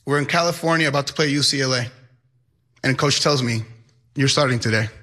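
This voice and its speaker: Young guy telling his life story, bright forceful voice, earnest. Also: mid-range voice, a little fast. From Mexico. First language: Spanish. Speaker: high school Spanish teacher. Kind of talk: personal storytelling.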